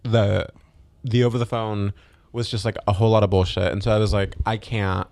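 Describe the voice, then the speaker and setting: A man with a fairly low voice recorded dry and close, in easygoing podcast chat. He stops and restarts often and fills the gaps with "like" and "um.". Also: steady tone, a little mellow, dry recording. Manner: halting, fillers like "like" and "um". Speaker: podcast co-host. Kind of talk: casual chat.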